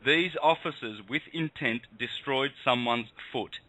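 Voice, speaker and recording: Man, from Australia, radio host, fiery rant, bright tense tone. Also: mid-range voice, unhurried, dry recording, poor audio. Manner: fiery, ranting delivery. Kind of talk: impassioned talk radio.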